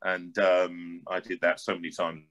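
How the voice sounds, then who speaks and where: North london bloke chatting about his singing life, kinda low voice but bright and punchy, keeps repeating words as he gets going. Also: moderate pace. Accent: North London English. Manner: lively, repeats words while building a point. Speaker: opera singer and guest. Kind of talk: animated interview storytelling.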